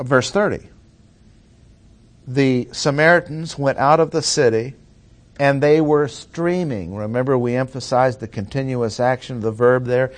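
A man preaching verse by verse in a mid-range voice. He is deliberate and emphatic and slows right down on the phrases he wants to land. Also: medium pitch. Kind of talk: expository sermon.

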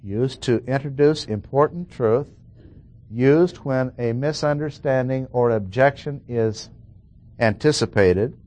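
A man preaching a sermon and explaining a Bible passage, who stresses key words slowly and asks his listeners questions. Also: medium pitch, a little mellow, no room sound.

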